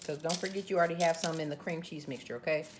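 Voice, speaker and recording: A woman's voice: low voice, steady tone, racing, noisy background. A woman with a Southern US accent hosting a casual cooking video, chatting to viewers as she works. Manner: chatty, addresses viewers as y'all. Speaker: cooking channel host.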